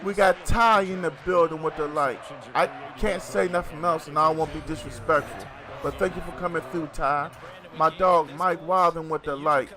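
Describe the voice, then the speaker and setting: Middle-aged male streamer, high voice, loose and jokey, talks to chat while he plays. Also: normal speed, bright, forceful tone. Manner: loose, joking, chatty with viewers. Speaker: gaming streamer. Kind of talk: casual live-stream chat while playing.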